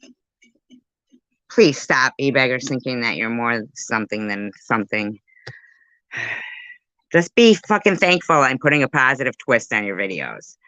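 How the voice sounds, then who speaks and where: A woman's voice: extremely low pitch, expressive, a little slow, pauses often, bright, forceful tone, dry recording, poor audio. A woman doing casual live commentary as a YouTuber, rambling and swearing as she talks to her viewers.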